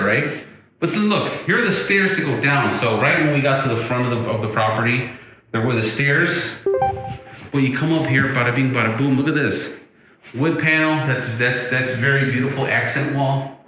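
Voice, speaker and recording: Man, excited house tour, bright forceful voice, very echoey empty rooms. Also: medium pitch, slight background noise. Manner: enthusiastic, chatty, keeps saying okay. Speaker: realtor giving a home tour. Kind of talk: walkthrough tour narration. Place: inside a large empty house, then outdoors on a deck.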